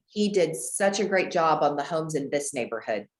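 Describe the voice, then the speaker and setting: A woman from Houston, Texas, coaching a group on a video call, animated and acting out dialogue with big pitch jumps. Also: moderate pace. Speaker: guest real estate coach. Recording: roomy echo.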